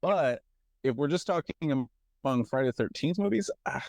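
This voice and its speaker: A man's voice: mid-range voice, expressive, fairly quick, a little mellow, dry recording. A young man co-hosting a podcast, chatting easily and agreeing along. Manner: easygoing, affirming, laughs along. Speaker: podcast co-host. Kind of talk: casual chat.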